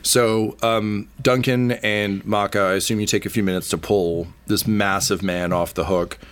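A man narrating as game master of a tabletop game, halting with many fillers and casual swearing. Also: on the low side, fairly even intonation, fairly bright tone, clean tone.

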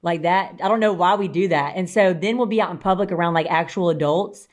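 A woman's voice: fairly low pitch, brisk. A young woman co-hosting a podcast, telling stories in casual, swearing chat and acting out quotes. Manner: animated storytelling, swearing, acts out quotes. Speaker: podcast co-host.

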